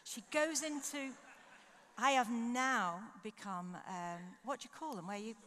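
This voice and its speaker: A woman speaker at a conference, preaching through an animated personal story and acting out her own thoughts. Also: on the high side, unhurried. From United Kingdom. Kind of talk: sermon with storytelling. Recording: long hall reverb.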